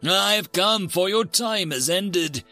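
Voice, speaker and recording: A man voicing Death, a patient reaper who speaks in a measured, gently apologetic way. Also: high voice, lively intonation, soft background music, pitched above the performer's own voice, full character voice. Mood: solemn. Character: Death, calm solemn reaper of all beings.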